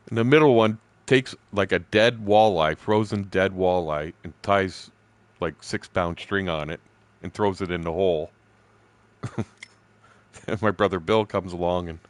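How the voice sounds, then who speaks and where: A man's voice: fairly low pitch, no echo. Profane older man rambling while gaming. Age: 60s. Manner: rambling, profane, laughs through his stories. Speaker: streamer. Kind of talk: casual storytelling while streaming a fishing game.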